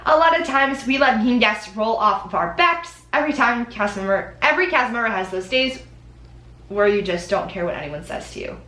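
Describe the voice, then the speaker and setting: A woman's voice: fairly high pitch, expressive, normal speed, pushed and bright, echoey room. A young woman vlogging in a casual, chatty way, with lots of ums and likes. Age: young adult. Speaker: Disney College Program vlogger. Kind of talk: casual chat.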